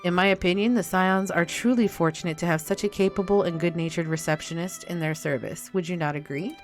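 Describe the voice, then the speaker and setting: A woman reading aloud, in a measured and formal way, the lines of a stern female guild mistress from a game. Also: lowish voice, faint music behind, close to an everyday voice.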